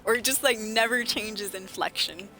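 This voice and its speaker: A woman streamer chatting casually while playing a game, animated storyteller who laughs often. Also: medium pitch, moderate pace. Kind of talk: casual gameplay livestream chat. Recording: game music behind voice. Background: game music.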